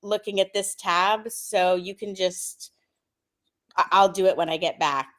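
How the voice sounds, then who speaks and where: A woman's voice: medium pitch, steady tone, unhurried, fairly bright tone. A woman co-hosting an online radio stream, chatting casually, restarting often and laughing easily. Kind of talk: casual livestream chat.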